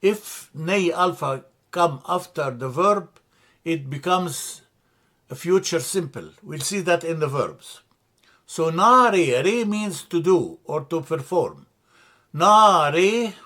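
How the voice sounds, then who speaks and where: Guy teaching a language class, talks real slow, goes over each word twice. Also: fairly high pitch, lively intonation, pushed and bright. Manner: slow and deliberate, repeats and spells out terms. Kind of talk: slide-based language lesson. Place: church classroom.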